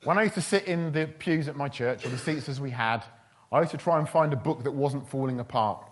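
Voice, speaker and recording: A man's voice: medium pitch, fairly quick. A man preaching a sermon in a chatty, humorous storytelling way. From England. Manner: chatty, humorous, with quoted voices.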